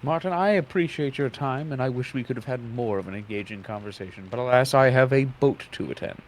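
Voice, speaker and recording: A theatrical gentleman entertainer who uses grand, old-fashioned phrasing, as a man puts him on. His voice is neither high nor low, and his manner is courtly and refined. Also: brisk, close to an everyday voice. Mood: courteous.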